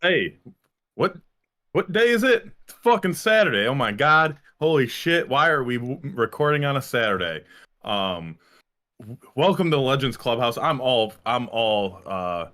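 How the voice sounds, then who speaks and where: A man's voice: medium pitch, sing-song, a little slow, bright, forceful tone. Rambling, profane podcast host, a man. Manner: rambling, profane, many fillers and restarts. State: a little winded. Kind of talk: casual chat.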